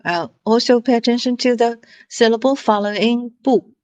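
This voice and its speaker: A woman teaching tones in an online lesson, slowly repeating each syllable with patience. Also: mid-range voice, no room sound. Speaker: Mandarin teacher.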